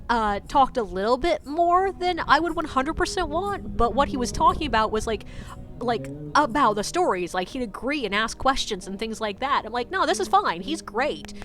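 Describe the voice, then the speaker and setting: A woman's voice: fairly high pitch, a bit bright. Chatty woman telling a tour story. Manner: chatty, lots of "like" fillers, acts out quotes. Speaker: ghost tour guide. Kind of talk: casual storytelling vlog.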